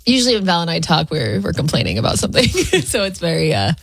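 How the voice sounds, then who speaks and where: A woman's voice: fairly low pitch, sing-song, fast talker, creaky, breathy edge, no echo, soft background music. A woman co-hosting a radio show with dry, wry remarks. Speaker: radio co-host. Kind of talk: casual on-air chat.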